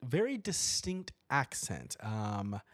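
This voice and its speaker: This is a podcast co-host talking over a horror film in easy, casual chat, the pitch swinging widely as they act out loud reactions. The recording is close and dry, with no room sound. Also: slow pace, no echo. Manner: animated, laughs often, acts out reactions in a loud put-on voice.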